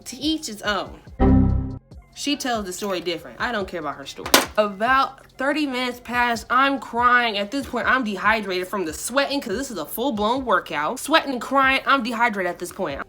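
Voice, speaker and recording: Bright-voiced, animated young woman storyteller. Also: medium pitch. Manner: animated, dramatic, slangy storytelling. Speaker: vlogger. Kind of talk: storytime while getting ready.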